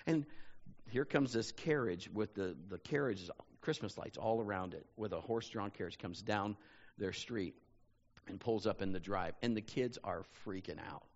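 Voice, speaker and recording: A man's voice: lowish voice, normal speed, long reverb tail, highs cut off. A man preaching a sermon as a pastor, telling personal stories in a conversational way and often saying "you know". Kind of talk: sermon storytelling.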